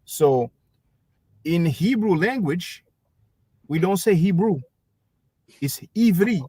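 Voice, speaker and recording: A man's voice: high voice, lively intonation, warm tone, breathy edge, no echo. Dry, close man explaining history. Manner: measured, explanatory, addresses listeners as brothers and sisters. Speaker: livestream host. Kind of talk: casual history discussion.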